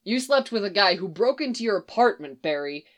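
A woman's voice: mid-range voice, expressive, a little fast, lightly acted. A woman voicing a smug mocking young man. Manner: sly, mocking.

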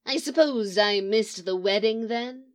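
A woman reading aloud, voicing a hoarse grown man with a dry sardonic drawl. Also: medium pitch, a little slow, natural voice.

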